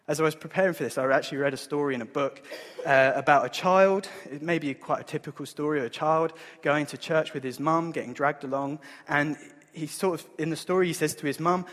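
A man, preaching a sermon in an earnest, conversational way, with a husky voice. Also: a little high, steady tone, brisk, a bit bright. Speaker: pastor. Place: church hall. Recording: long hall reverb.

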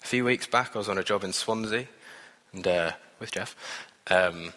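A man's voice: on the low side, moderate pace, pushed and bright. A man preaching a sermon in an earnest, conversational way, adding self-deprecating asides. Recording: reverberant hall.

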